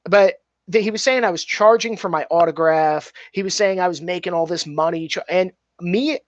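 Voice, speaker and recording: A filmmaker guest, a man, tells stories casually, animated, swearing freely and speaking candidly. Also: high-pitched, normal speed, no room sound. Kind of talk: casual storytelling. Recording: dull, dry, slightly muffled.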